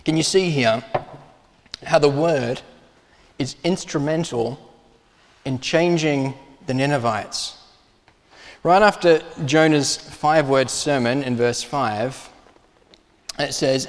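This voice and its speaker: A man preaching a sermon in a church, earnest and emphatic, with pauses and restarts. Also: medium pitch, big-room sound. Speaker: pastor.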